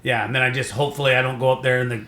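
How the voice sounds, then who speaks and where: A man's voice: mid-range voice, fairly even intonation, bright, forceful tone, echoey room. A young adult man from Saskatchewan, Canada, a stand-up comedian telling rambling stories in casual podcast chat. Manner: rambling storytelling, does quick voices.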